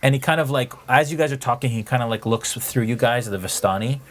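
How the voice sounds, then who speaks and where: A man's voice: medium pitch, fast talker. A man narrating as game master in a casual, hesitant way.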